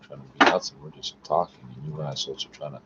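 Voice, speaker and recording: A man reading French aloud haltingly in a casual solo recording, cursing and arguing with the text between lines, often muttering his asides. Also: rumbling low, fairly even intonation, heavy background noise. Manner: profane, argumentative, mutters asides under his breath; reads French haltingly, stopping to correct himself. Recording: dull lo-fi recording with faint music. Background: faint music.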